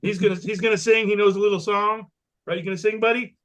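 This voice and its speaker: Easygoing podcast host, middle pitch, keeps it light and upbeat. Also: fairly even intonation, quick pace, fairly bright tone. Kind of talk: casual chat.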